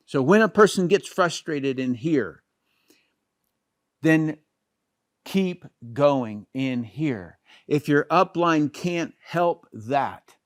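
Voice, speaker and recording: A middle-aged man with a fairly high voice, recorded cleanly in a studio with no echo, gives a casual training talk on network marketing. He's chatty and conversational, full of fillers and restarts, and keeps pointing things out with "here."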